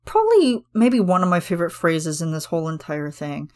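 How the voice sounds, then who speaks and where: A woman's voice: fairly low pitch, big pitch swings, brisk, dark tone. A woman hosting a podcast, chatting casually and gushing enthusiastically about a music video, with many fillers. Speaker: podcast host.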